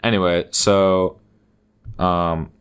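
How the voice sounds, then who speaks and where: A young man with a fairly low voice rambles through a story on a casual podcast. He trails off, restarts and swears offhandedly as he goes. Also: little pitch movement, extremely slow, smooth. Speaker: podcast co-host. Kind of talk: casual chat.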